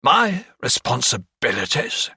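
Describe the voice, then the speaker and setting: A man's voice: medium pitch, expressive, moderate pace, vocal fry, sharp tone, no echo, clean studio sound, far from the mic, exaggerated voice. A man voicing a sneering scheming lawyer. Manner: sneering, sardonic.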